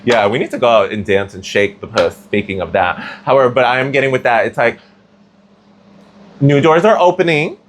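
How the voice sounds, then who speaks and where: A man's voice: medium pitch, moderate pace, a little hiss or hum. A man giving a casual tarot reading, chatty and slangy, with plenty of filler words. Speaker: tarot reader.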